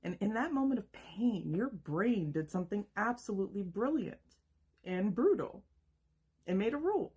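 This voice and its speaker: A woman in her thirties giving an emphatic, rhetorical self-help monologue with dramatic pauses. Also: medium pitch, big pitch swings, warm tone, slightly rough. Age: 30s. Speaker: self-help video host. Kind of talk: scripted motivational monologue.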